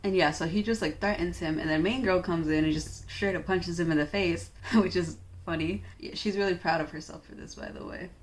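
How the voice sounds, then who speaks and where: A woman's voice: on the low side, steady tone, brisk, hardly any pauses. A young woman casually recapping a manga she just read. She talks in a loose, chatty way, with plenty of fillers. She drops in wry, offhand asides as she goes. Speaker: manga reviewer.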